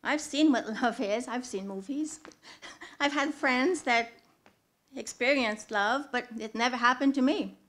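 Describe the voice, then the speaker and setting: A woman tells her own story live from a theatre stage. She speaks earnestly, pauses often and rises to sudden loud swells. Her voice sits a little high.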